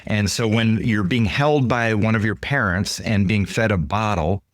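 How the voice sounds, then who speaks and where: Low-voiced man telling lively stories. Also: normal speed, no room sound, clean studio sound. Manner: animated, acts out dialogue in quoted voices. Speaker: guest author and consultant. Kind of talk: storytelling interview answers.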